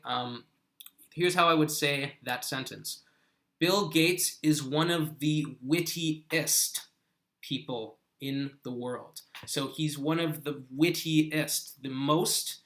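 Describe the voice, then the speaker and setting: A man's voice: medium pitch, sharp tone. A man teaching a live online English lesson, patiently correcting the sentences viewers send in.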